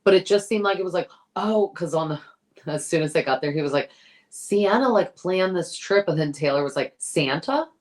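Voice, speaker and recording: A woman's voice: lowish voice, animated, normal speed. A woman guest on a podcast, chatting casually and gossiping, acting out quotes with many fillers. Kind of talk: casual chat.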